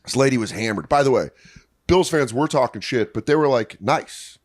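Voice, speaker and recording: A man's voice: mid-range voice, expressive, moderate pace, dry recording, studio quality. A man co-hosting a podcast, telling stories in a rowdy, profane, laughing way. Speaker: podcast co-host. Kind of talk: casual chat.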